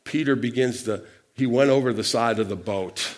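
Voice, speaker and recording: A man preaching a sermon, asking the congregation questions and calling for responses, with loudness shifting for emphasis. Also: medium pitch, moderate pace. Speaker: pastor.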